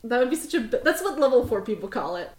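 A woman's voice: a little high, big pitch swings, fast, echoey room, a crowd in the background. Casual woman game master. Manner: casual, rambling, laughs often. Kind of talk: narrating a tabletop game. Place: construction zone.

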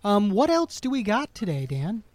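A man's voice: sits high, big pitch swings, moderate pace, darkish tone, dry recording. A man co-hosting a podcast, chatty and giggly, with many fillers. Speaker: podcast co-host. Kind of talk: casual chat.

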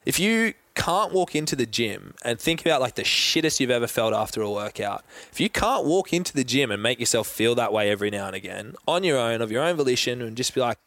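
A man's voice: mid-range voice, lively intonation, brisk, few pauses, a bit bright, no room sound. A young Australian man chatting casually as a podcast guest, laid-back, swearing freely and talking in long run-on thoughts. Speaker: guest athlete.

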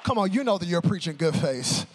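A man preaching a sermon, telling a humorous story and swinging between loud excitement and hushed tones. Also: sits high, brisk, long reverb tail, slight background noise.

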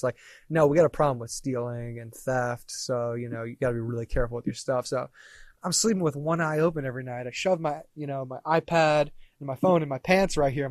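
A man in his thirties tells a story as a podcast guest, casual and animated. He swears freely and acts out quoted lines as he goes. The sound is dry and close. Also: mid-range voice, no room sound.

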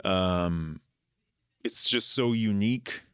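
A Canadian man who is a musician guest, chatting casually and telling animated stories in which he acts out the people he quotes. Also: fairly low pitch, slow pace, clear, resonant tone, no room sound, studio quality. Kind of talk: casual interview chat.

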